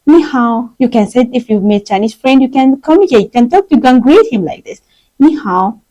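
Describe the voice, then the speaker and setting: Woman, language teacher, live stream, slow drills, mellow voice, lively pitch. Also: low-quality recording. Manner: drills words slowly for learners to repeat; non-native English with simple phrasing. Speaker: Chinese teacher.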